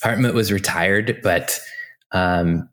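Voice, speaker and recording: A man in his forties with a very deep, low voice, talking casually as an interview guest. He tells his stories loosely, with lots of fillers and restarts, and the delivery stays relaxed and conversational. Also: slow. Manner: chatty, anecdotal, many fillers and restarts, laughs often. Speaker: interview guest, design executive.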